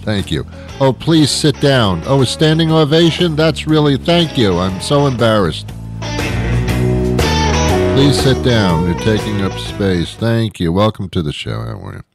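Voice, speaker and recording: A man's voice: on the low side, lively intonation, measured pace, gravelly, over music. A middle-aged man hosting a comedy show, delivering a rambling, sarcastic, self-mocking monologue into a close microphone. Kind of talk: satirical comic monologue. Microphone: close studio microphone.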